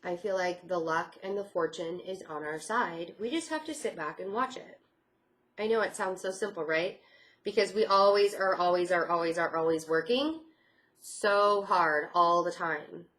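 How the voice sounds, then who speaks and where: A woman's voice: on the low side, normal speed, a bit bright. Reassuring woman reading tarot cards. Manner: reassuring, repeats phrases, many "I feel like" fillers. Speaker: tarot reader.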